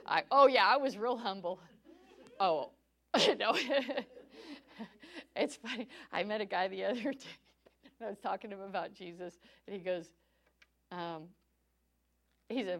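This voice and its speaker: A woman's voice: on the low side, moderate pace, pauses often, a bit bright. A woman leads a church class with a chatty storytelling manner. She laughs easily and slips into voices for the people she quotes, keeping her tone friendly and conversational. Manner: acts out dialogue in quoted voices. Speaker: church teacher. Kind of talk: teaching a church class on sharing faith.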